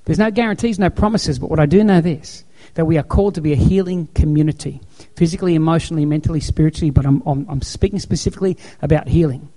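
A man's voice: a little high, quick pace, few pauses, mellow. A man preaching a sermon as pastor, telling stories in an emphatic, repetitive way.

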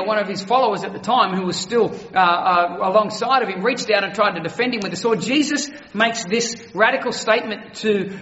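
A pastor preaching an earnest, emphatic sermon, slowing to stress key words. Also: male voice, high-pitched, bright, forceful tone, echoey room, big-room sound, lo-fi sound.

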